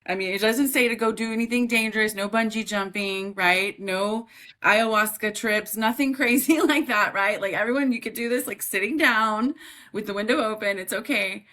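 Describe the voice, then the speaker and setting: A woman's voice: mid-range voice, normal speed. A woman guest on a podcast, an author and grief coach, telling her story candidly and with feeling, often laughing as she talks. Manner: emotional, animated, laughs while talking.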